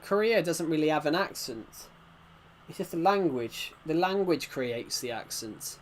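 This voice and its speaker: Male game streamer, slightly higher voice, rambling chatty delivery, faint background noise. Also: unhurried. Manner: rambling, restarts, reacts to chat. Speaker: game livestreamer. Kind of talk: casual livestream chat.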